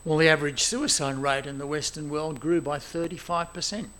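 A man preaching a sermon, animated and exclaiming, moving between loud emphasis and quiet asides. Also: fairly high pitch, a little fast.

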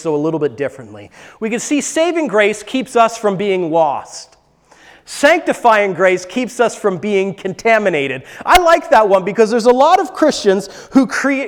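High-voiced man preaching in a reverberant hall. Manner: emphatic, repeats words for stress. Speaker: pastor. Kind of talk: sermon.

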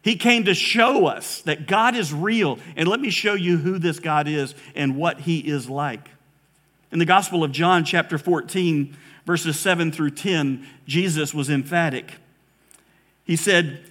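A man preaching a sermon as a pastor, earnest, slowing down to stress key words and rising sharply when quoting scripture. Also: a little high, animated, a bit bright. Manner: earnest preaching, slows for emphasis, rises dramatically on quotes.

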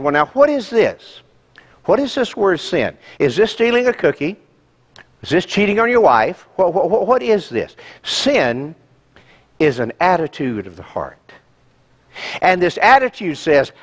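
Male pastor, slightly high voice, animated pulpit delivery with rhetorical questions. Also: unhurried. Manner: emphatic, rhetorical questions to the congregation. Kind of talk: sermon.

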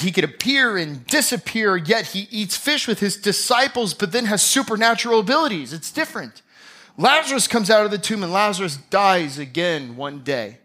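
A male pastor with a high, bright voice delivers a sermon. He tells the story dramatically, swinging from hushed, low passages to loud, acted-out scenes.

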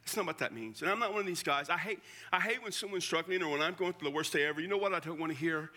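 An older man preaches with a bright, ringing voice pitched a touch high. He talks to the congregation in a conversational, emphatic way. At heavy moments he pulls back to a hush. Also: animated, racing. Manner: conversational, emphatic, drops to a hush at emotional points. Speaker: pastor. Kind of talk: sermon.

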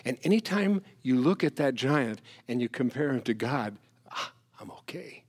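A man preaching a sermon as pastor, animated, swinging from loud emphasis to hushed asides. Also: medium pitch, moderate pace, slightly rough.

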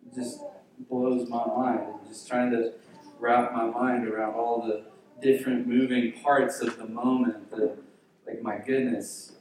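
Male pastor, slow dramatic storytelling sermon, voice distant in a very echoey church hall. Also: medium pitch, level tone, slight background noise. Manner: dramatic storytelling, acting out quotes with hushed drops.

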